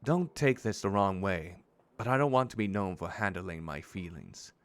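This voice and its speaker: A man voicing a grieving, guarded young warrior woman in a fantasy game, read in a quiet, measured way. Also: low-pitched, lively intonation, no echo.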